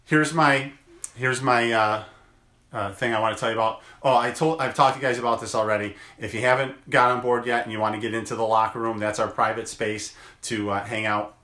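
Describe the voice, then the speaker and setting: A man who works as a chiropractor gives a motivational daily video message, talking slowly and deliberately in gentle encouragement and drawing out words for emphasis. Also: medium pitch, steady tone, roomy sound.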